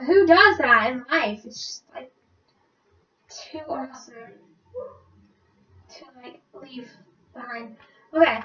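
A gameplay vlogger offers casual, rambling commentary, easily startled and muttering to herself. Her voice sits high with a fairly bright tone, and the recording is roomy, distant, dull and lo-fi, with a little hiss or hum.

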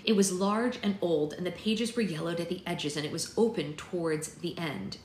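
A woman with a lowish voice reads a novel aloud to her book club, stopping for chatty asides. The room is echoey, with a faint hiss underneath. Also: normal speed, a little mellow.

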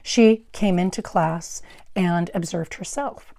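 Chatty middle-aged woman, loud and dry. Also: lowish voice, takes it slowly, gravelly, dry recording. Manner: rambling, friendly, with asides and self-corrections; naturally loud speaking voice. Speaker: craft tutorial host. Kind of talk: chatty step-by-step craft demonstration. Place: indoors at a craft workstation. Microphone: wearable microphone.

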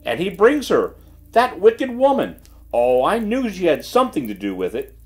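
A man voicing an impulsive, indignant society lady, raising his voice high and sharp. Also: wildly swooping pitch, moderate pace. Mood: accusing. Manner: high-pitched, impulsive outburst.

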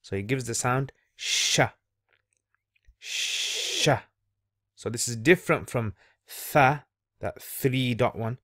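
A man's voice: mid-range voice, a little slow, fairly bright tone, dry recording, clean studio sound. A man teaching letter sounds in a patient, step-by-step lesson, repeating each sound for the listener to copy. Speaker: Arabic reading teacher. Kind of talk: slow step-by-step lesson narration.

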